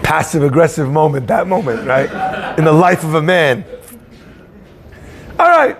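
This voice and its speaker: A man giving an animated storytelling sermon, acting out the people in his story. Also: on the high side, a little slow, gravelly, long pauses, breathy edge. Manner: animated storyteller, acts out shouting voices. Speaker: rabbi giving a talk.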